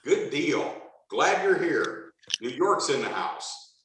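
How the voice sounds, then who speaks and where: A man's voice: fairly high pitch, very animated, slow, heavy reverb, recorded from a distance, background noise. A man hosting a video call meeting, greeting each participant by name in an upbeat, jokey way and repeating his welcomes.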